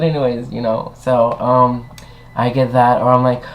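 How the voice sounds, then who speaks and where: A man's voice: medium pitch, normal speed. Sassy young man telling a storytime rant. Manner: animated, sassy, swears freely; acts out both sides of an argument with voiced quotes. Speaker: vlogger.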